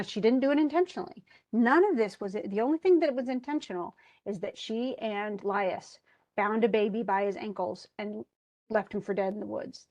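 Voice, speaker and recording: A woman's voice: mid-range voice, gravelly, darkish tone, no room sound. Chatty woman giving a casual literature lecture. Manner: chatty plot retelling with frequent "he goes" asides; switches between modern slang and quoted archaic verse. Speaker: literature instructor.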